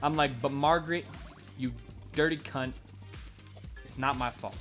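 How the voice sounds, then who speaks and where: A young man with a bright, slightly high voice spins a rambling, profane made-up story while he plays. He acts out both sides of the dialogue in his own voice, and faint music plays behind him. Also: normal speed, pauses often. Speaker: gameplay commentator. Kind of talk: rambling improvised game narration.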